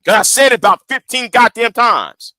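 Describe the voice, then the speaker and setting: A man's voice: very high-pitched, lively intonation, moderate pace, pushed and bright, dry recording. A man hosting a livestream, giving heated commentary in an emphatic, profane way and repeating words when he gets worked up. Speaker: livestream host.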